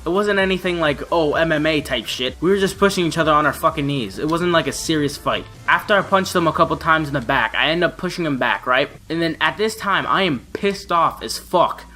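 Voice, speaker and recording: A man's voice: on the high side, expressive, brisk, few pauses, bright, forceful tone, soft background music. A young man telling a story on his vlog in a brash, profane way. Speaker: vlogger.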